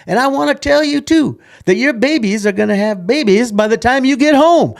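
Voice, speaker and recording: A man's voice: very high-pitched, lively intonation, normal speed, vocal fry, pitched above the performer's own voice, full character voice. A man voicing a huge male army drill sergeant who bellows orders at new recruits. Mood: bellowing. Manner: bellowing, commanding.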